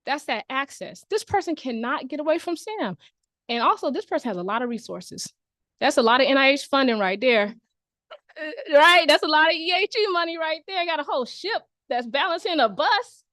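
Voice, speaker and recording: A woman presenting at a symposium, telling a lively story and asking the audience questions. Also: sits high, moderate pace, no room sound, clean studio sound. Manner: animated storytelling, addresses audience. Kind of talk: playful conference talk. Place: conference venue.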